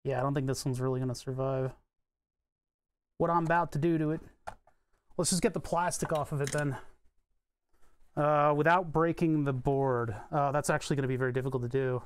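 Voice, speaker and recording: A man's voice: mid-range voice, steady tone, fairly quick, long pauses, smooth, no room sound. A man live-streaming as he solders electronics, muttering to himself and answering questions from chat in a casual, rambling way.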